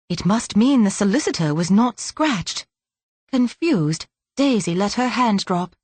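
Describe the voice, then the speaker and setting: A woman's voice: medium pitch, no room sound. Woman reading an audiobook, dry and close. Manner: light, lilting reading. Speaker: audiobook narrator. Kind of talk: scripted narration.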